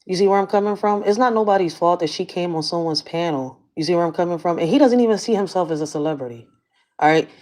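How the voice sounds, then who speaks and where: Woman vlogger, lower register, blunt profane rant with constant check-ins to her viewers. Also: fast talker, a little mellow. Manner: blunt and profane, keeps asking "you see where I'm coming from". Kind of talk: casual rant to camera.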